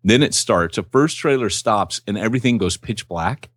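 A man co-hosting a podcast, telling stories in an animated, jokey way. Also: on the low side, normal speed, no echo. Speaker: podcast co-host. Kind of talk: casual chat.

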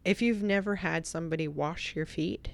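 A woman guest on a podcast, telling a personal story in casual chat, animated at moments and quiet and reflective at others. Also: on the low side, normal speed, vocal fry.

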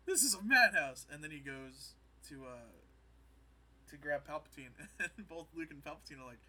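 A man's voice: fairly high pitch, fairly even intonation, moderate pace, sharp tone, slight background noise, rough recording. A man co-hosting a podcast, casually recapping an episode in rambling stories and acting out quotes. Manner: rambling storytelling, acts out quotes. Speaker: podcast co-host.

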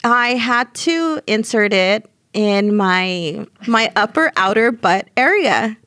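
A young woman recounts her experience in a relaxed interview, her mid-range voice jumping up as she replays arguments. The sound is close and dry, with no room around it. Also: medium pitch, slow, no echo. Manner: animated, voices rise when reenacting scenes. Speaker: surrogate telling her story. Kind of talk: conversational interview storytelling.

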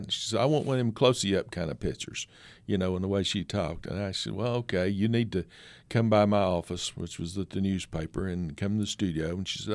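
A man's voice: low voice, a little mellow, dry recording. An older man, a photographer, telling folksy stories as a guest in a conversation. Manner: folksy, anecdotal, many fillers. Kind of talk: storytelling in conversation.

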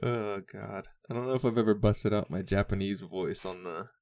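Young guy rambling solo on his podcast, lowish voice, swears a lot and laughs. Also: moderate pace, darkish tone. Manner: rambling, profane, laughs often. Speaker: podcast host. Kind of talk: casual solo podcast chat.

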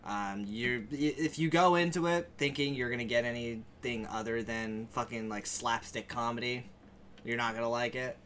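A man's voice: mid-range voice, steady tone, moderate pace, a bit bright, a little hiss or hum. A young man co-hosting a casual podcast, giving a loose, profane movie opinion.

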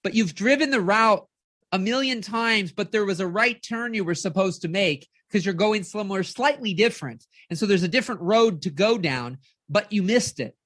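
A woman life coach giving an energetic live-streamed motivational talk, keeps checking in with her audience and acts out inner voices. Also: mid-range voice, normal speed, no echo, studio quality.

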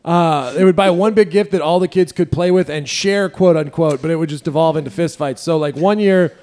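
A man's voice: on the high side, a little fast, darkish tone. A man from Mississippi co-hosting a podcast, telling childhood stories with lots of laughter and swearing. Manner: laughing storyteller, swears freely. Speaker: podcast co-host. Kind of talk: casual chat.

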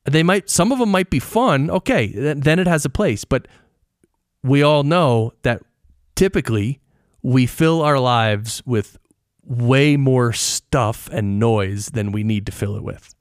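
A man's voice: mid-range voice, expressive, measured pace, no echo, studio quality. Chatty middle-aged male podcast host. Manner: chatty, explanatory, asks the listener questions. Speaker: podcast host and audio engineer. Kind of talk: casual solo podcast talk. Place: treated home studio with foam and rug. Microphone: close studio microphone.

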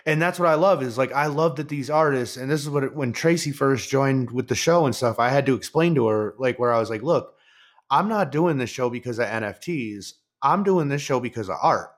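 Rambling, excitable man hosting a podcast. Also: mid-range voice, a little fast. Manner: rambling and excitable, many fillers, swears. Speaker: podcast host. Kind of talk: casual podcast chat.

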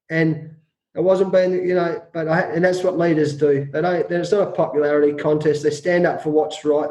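Animated middle-aged Australian man, echoey room. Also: a little high. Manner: acts out quoted shouting, rapid repetitions. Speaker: cricket coach and author. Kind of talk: animated storytelling in an interview.

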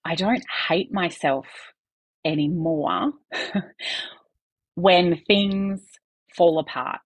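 A woman's voice: lowish voice, drawn-out words, slightly rough, dry recording. A woman, a podcast guest talking candidly in earnest bursts with some restarts.

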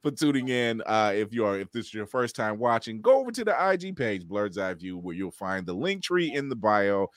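A man hosting a podcast, playful and lively, thanking viewers and plugging upcoming episodes. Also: lowish voice, a little fast, hardly any pauses, no echo, studio quality. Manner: lively, playful, laughing often. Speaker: podcast host. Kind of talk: casual podcast chat.

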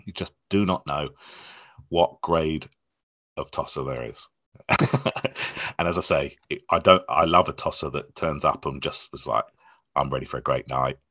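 A man's voice: extremely low pitch, moderate pace, dry recording, lo-fi sound. A man, a comedy promoter, chatting casually in an interview and acting out the people in his stories. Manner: animated storyteller, acts out quoted voices.

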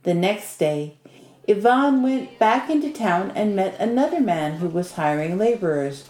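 A woman narrating a folk tale in a measured, expressive storytelling manner. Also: mid-range voice, echoey room.

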